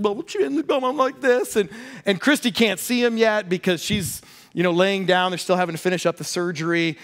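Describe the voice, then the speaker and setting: A middle-aged pastor delivers a sermon, telling stories with humor and energy. His voice sits high for a man. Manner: animated storytelling with humor.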